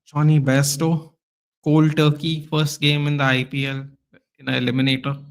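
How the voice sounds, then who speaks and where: A man hosting a live football watchalong stream, chatting casually and reacting loudly to the play with lots of slang. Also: fairly high pitch, monotone, moderate pace, gravelly, clear, resonant tone.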